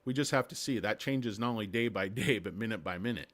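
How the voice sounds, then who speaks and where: A man's voice: lowish voice, fast, a bit bright. A man hosting a casual stock market livestream, rambling and sarcastic, with crude jokes and lots of fillers.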